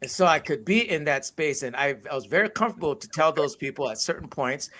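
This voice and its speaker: A man's voice: fairly high pitch, expressive, fast talker, hardly any pauses, bright, forceful tone. A man born in the United States and raised in Nigeria, telling a personal story in a casual conversation with earnest reflection and frequent restarts. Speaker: co-host.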